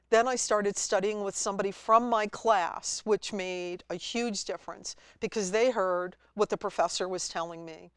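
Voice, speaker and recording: A woman guest at a college TV studio, telling her story in a lively way and acting out her own past words. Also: mid-range voice, moderate pace, hardly any pauses, smooth, no echo. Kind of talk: storytelling interview.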